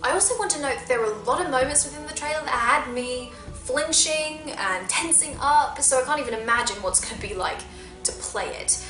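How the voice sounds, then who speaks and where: A chatty woman vlogger with a slightly high voice, talking to camera in a casual, self-mocking way. Her voice rings in an echoey room. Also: fairly quick, bright, forceful tone, soft background music. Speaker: gaming vlogger. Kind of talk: casual video commentary.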